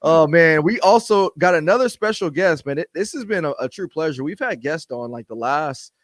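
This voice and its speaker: A man's voice: fairly high pitch, animated, normal speed, no echo. A man hosting a podcast in casual chat, laid-back and laughing often, with restarts and repeated words. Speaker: podcast host.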